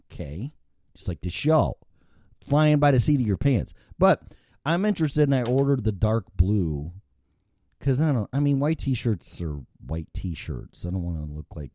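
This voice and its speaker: A man's voice: sits low, no echo, clean studio sound. Rambling, profane host in his fifties. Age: 50s. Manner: rambling and profane, thinks out loud. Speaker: show host. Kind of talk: casual livestream monologue.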